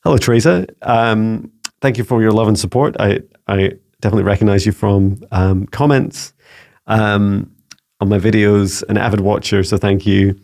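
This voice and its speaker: A Scottish man with a lowish voice and plenty of gravelly fry answers viewer questions as a spiritual mentor. He talks in a gentle, soothing way, often stumbling and repeating words as he thinks. The delivery is casual and unscripted. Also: steady tone, moderate pace. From Scotland. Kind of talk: casual spoken Q&A video.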